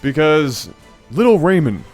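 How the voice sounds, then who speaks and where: A man hosting his channel, telling a funny personal story in an animated, playful way, often correcting himself mid-sentence. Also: on the high side, measured pace, faint music behind. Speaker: channel host. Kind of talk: storytelling vlog.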